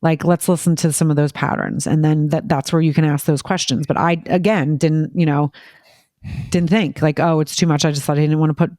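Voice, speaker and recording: A woman chatting casually as a parent on a podcast, telling quick, filler-heavy stories and acting out what people said. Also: deep voice, steady tone, darkish tone, no echo, clean studio sound. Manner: rapid, filler-heavy storytelling, acting out quoted voices. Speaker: parent guest.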